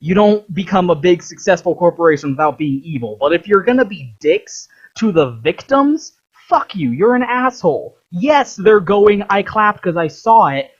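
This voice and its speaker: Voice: mid-range voice, sing-song, normal speed, few pauses, husky. A vlogger ranting in a casual monologue, swearing often and filling the talk with "like". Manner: profane, heated, filler-heavy. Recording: dull lo-fi recording.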